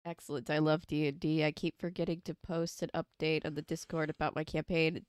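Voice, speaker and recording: A woman hosting a casual live stream, chatty and animated, greeting her chat, a little stuffy from allergies. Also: deep voice, fairly quick, smooth, no room sound, studio quality. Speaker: streamer host.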